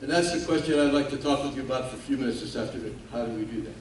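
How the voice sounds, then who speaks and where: An older man speaks as the guest speaker at a ceremony in a large hall, telling his story in a folksy, self-mocking way. His voice is medium in pitch and very fast. The recording picks him up from far off in an echoey hall with faint noise.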